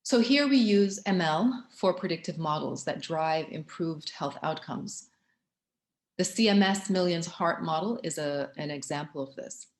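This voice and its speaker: Measured woman giving a conference talk. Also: low-pitched, lively intonation, reverberant. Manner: measured, with frequent ums and restarts. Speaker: conference speaker.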